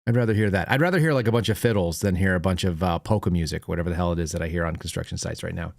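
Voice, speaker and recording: A man's voice: deep voice, racing, vocal fry, no echo, clean studio sound. A man hosting a call-in show in casual chat, a rambling storyteller who laughs easily.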